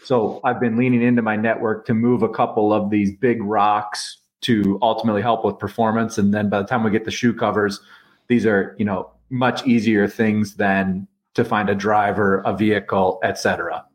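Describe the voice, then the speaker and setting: Man, interview guest, businesslike, low pitch, flat delivery. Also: moderate pace. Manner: explaining, businesslike. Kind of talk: casual interview.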